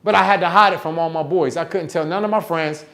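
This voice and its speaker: A middle-aged man from the United States giving a motivational talk, telling a story in an animated way and acting out the dialogue. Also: a little high, quick pace. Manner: animated, acts out dialogue with big swings in volume. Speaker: motivational speaker.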